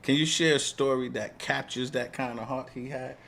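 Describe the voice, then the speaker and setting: A middle-aged man with a New York accent hosting an interview podcast, supportive and quick to affirm his guest. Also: medium pitch, fairly even intonation, creaky, a bit bright, a little hiss or hum. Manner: supportive, frequent brief affirmations. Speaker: podcast host, retired police executive.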